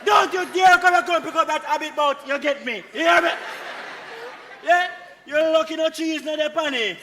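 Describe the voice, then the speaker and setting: An actor with a Jamaican accent playing a boastful, menacing man who abuses his power, taunting and shouting on a live stage. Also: very high voice, moderate pace, a crowd in the background, noisy background. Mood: angry. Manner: taunting, domineering, often shouting. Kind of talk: live stage play acting. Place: theatre stage with a live audience. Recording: theatre stage with long reverb.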